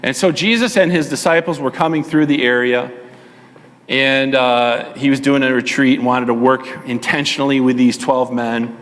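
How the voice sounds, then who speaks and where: Animated preacher in a ringing church hall. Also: male voice, medium pitch, moderate pace. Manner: animated storytelling, acts out the voices; chatty asides to the congregation. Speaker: pastor. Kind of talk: sermon. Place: church sanctuary. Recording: long reverb of a church hall.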